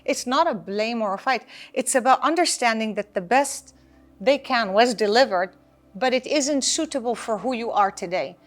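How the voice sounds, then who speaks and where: A woman parenting coach answering interview questions, talking in an animated, emphatic way and repeating phrases for effect. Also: fairly high pitch, moderate pace.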